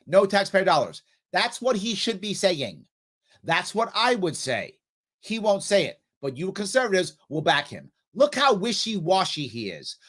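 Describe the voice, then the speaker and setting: Fiery, high-pitched male commentator. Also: fairly bright tone. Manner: impassioned, scolding, repetitive. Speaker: show host. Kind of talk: heated political commentary.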